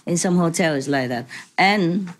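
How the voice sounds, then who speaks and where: A woman's voice: fairly low pitch, measured pace, a little hiss or hum. A woman, a spiritual teacher, telling jokes and chuckling through loose asides.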